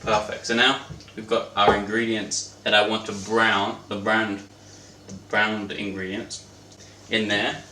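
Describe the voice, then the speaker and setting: A man's voice: lowish voice, little pitch movement, a little slow, bright, forceful tone. Young guy cooking and rambling, jokey, mic kinda far off, bit of background hiss. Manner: joking, rambling, chatting to his pet bird. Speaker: cooking vlogger. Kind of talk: casual cooking vlog. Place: home kitchen. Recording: roomy echo, distant mic, faint noise.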